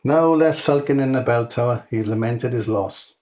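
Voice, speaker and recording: Man narrating a deadpan comic story. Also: mid-range voice, normal speed. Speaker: author reading his own story.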